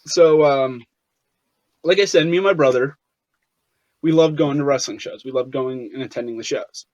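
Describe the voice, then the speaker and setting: A man's voice: medium pitch, normal speed, darkish tone, no echo. A young man as an interview guest, telling stories casually, with many fillers and restarts. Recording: dull, lo-fi sound.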